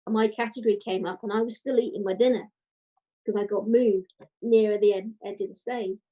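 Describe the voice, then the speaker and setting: Woman guest, dark mellow voice, lo-fi call sound, casual storytelling. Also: medium pitch, fairly quick. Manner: animated storytelling, quoting others. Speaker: guest, writer and podcaster. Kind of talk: casual interview chat.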